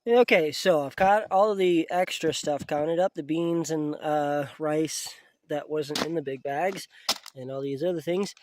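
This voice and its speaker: High-voiced man vlogging from a camp. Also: a little slow, dry recording. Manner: emotional, talks to his pets in a soft voice. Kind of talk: casual vlog talk to camera. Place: outdoor camp in the woods.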